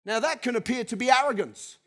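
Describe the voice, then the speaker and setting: A man's voice: extremely high pitch, brisk. A middle-aged male pastor preaching a sermon, reading scripture with conversational asides and leading the congregation in call-and-response. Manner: animated, leads the congregation in repeated call-and-response; chuckles between points, conversational asides.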